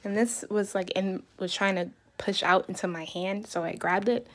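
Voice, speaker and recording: A woman giving a casual, chatty tarot reading, emphatic and animated as she talks through the cards. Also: medium pitch, moderate pace. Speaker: tarot reader.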